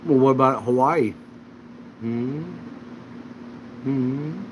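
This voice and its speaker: A man's voice: mid-range voice, very slow, slight background noise, low-quality recording. A man hosting a casual livestream chat, telling rambling anecdotes. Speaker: channel host.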